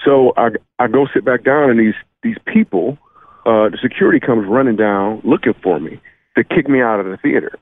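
A man in his thirties from Michigan, a comedian guest telling stories in a joking, animated way. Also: mid-range voice, fairly quick, dry recording. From Michigan, USA. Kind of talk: phone-in radio interview. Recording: tinny phone line.

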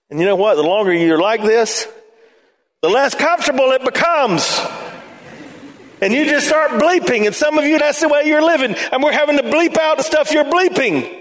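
A man pastor preaching a sermon in an animated way, his voice climbing toward near shouts at times. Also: extremely high pitch, normal speed.

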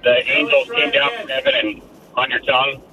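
A man's voice: mid-range voice, little pitch movement, fairly quick, far from the mic, lo-fi sound, music in the background. A man calling in to a radio show, laid-back and chatty. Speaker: caller. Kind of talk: casual call-in chat.

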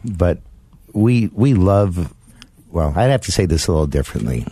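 A man's voice: sits low, very animated, normal speed, dark tone, slightly rough, no echo. A man co-hosting a radio show, talking in an easygoing, reflective way. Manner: easygoing, reflective, plays off his co-host. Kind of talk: casual radio chat.

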